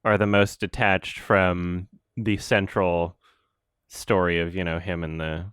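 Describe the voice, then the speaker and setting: A podcast co-host with a low, fairly bright, clear and resonant voice speaks slowly with little pitch movement, chatting casually about a film. He rambles and laughs often, and the studio-quality recording has no room sound.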